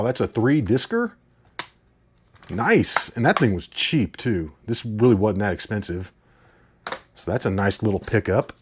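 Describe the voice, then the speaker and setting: A man's voice: lowish voice, a little hiss or hum. A man hosting a casual unboxing video, talking enthusiastically and rambling with frequent laughs. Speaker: host.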